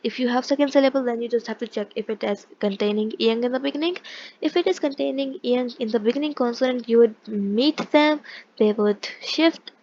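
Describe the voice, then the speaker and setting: Woman, language teacher, fairly high voice, patient explaining, dull lo-fi sound. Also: a little mellow. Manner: explains patiently, with frequent restarts and check-ins. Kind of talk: casual online lesson explaining pronunciation.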